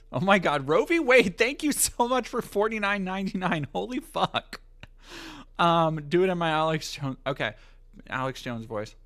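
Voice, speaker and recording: A man's voice: a little high, fairly bright tone. A man streaming live, chatting casually, joking and swearing as he rambles.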